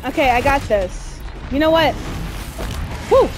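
A woman giving excitable let's-play commentary while gaming, squealing and cheering through the fights. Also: sits high, unhurried, noisy background. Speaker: gamer playing a video game. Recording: game music playing behind the voice.

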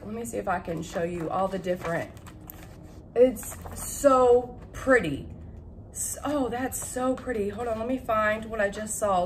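A young woman with a drawl talks through her shopping haul at home, gushing and excitable. Her voice sits a little high, and she giggles at her own tangled words. A faint hiss of room noise runs under the recording. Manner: chatty and excitable, laughs at her own word slips. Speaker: vlogger showing a shopping haul. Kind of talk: casual chat to camera.

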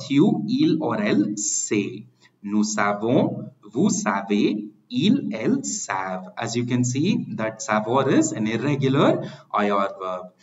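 A man's voice: medium pitch, a little mellow, highs cut off. A man teaching French grammar in English, explaining patiently and spelling out words letter by letter. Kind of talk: grammar lesson.

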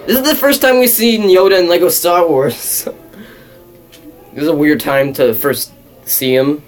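A young man giving casual, excitable gameplay commentary, laughing and mocking his own play. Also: on the high side, a little slow, soft background music. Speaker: let's play gamer.

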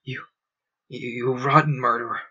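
A man's voice: mid-range voice, steady tone, moderate pace, pushed and bright, slightly rough, lo-fi sound. A man doing a grieving, furious young man. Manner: raw, outraged outbursts.

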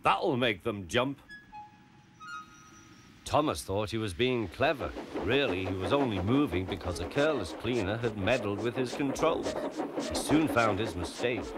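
A man narrating a children's story, clear and expressive. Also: on the low side, normal speed, loud music behind the voice.

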